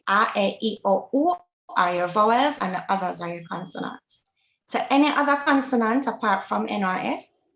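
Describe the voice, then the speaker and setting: A woman's voice: mid-range voice, a bit bright. A woman with a Jamaican accent teaching Spanish pronunciation at a workshop, patient and often checking in with her listeners. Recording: dull, echoey room recording.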